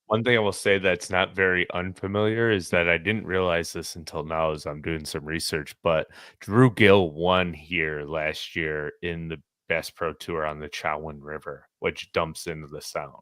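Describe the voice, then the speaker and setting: A man's voice: deep voice, fairly even intonation, normal speed, few pauses, a bit bright, dry recording, clean studio sound. A man on a fishing podcast panel, sharing research in a matter-of-fact way. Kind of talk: casual group chat.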